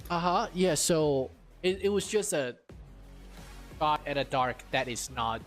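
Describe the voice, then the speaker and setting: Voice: mid-range voice, expressive, a little slow, faint music behind. A co-host on a racing livestream, asking questions and musing casually with some hesitation. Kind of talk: livestream co-hosting.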